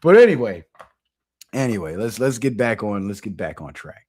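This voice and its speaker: A man's voice: on the low side, very animated, moderate pace, darkish tone, slightly rough. A man hosting his own channel at home alone, talking in a loose, profane, casual commentary style and laughing often. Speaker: channel host.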